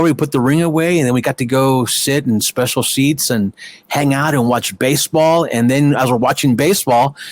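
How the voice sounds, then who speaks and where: A middle-aged man, a guest in a casual interview, telling animated stories with plenty of fillers and acted-out quotes. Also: mid-range voice, dry recording. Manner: animated anecdotes with many fillers and quoted voices. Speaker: guest, wrestling promoter.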